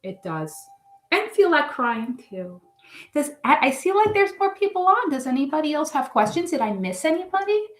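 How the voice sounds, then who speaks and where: A woman's voice: high voice, very animated, moderate pace. A woman giving a live tarot reading, chatting in a rambling, emotional, effusive way. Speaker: tarot reader. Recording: echoey room.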